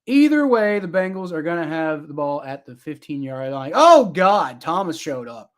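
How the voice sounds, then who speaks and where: Host, male, fairly high voice, rambling live sports reaction, answers chat on the fly. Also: animated, normal speed, a bit bright. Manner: rambling, chatty, talks back to viewer comments.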